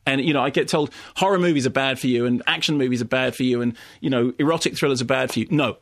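A man in a radio studio, reviewing films in a ranting, theatrical way and slipping into comic impressions. His voice sits at a middle pitch and sounds close and dry, with no room around it. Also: quick pace, dry recording. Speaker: film critic. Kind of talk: animated radio film review.

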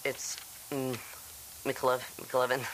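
A flustered teen boy fumbles his fake name, speaking slowly in a bright tone. The clip plays over the radio with a faint hiss. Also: medium pitch, monotone, poor audio. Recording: film clip played on radio.

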